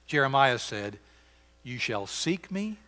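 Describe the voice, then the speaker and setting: A man with a Southern US accent preaching a sermon, reading scripture with rising force and dropping to quiet asides. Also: medium pitch, big pitch swings, takes it slowly. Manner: imitates bird calls to illustrate. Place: church sanctuary. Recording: church sanctuary with long reverb.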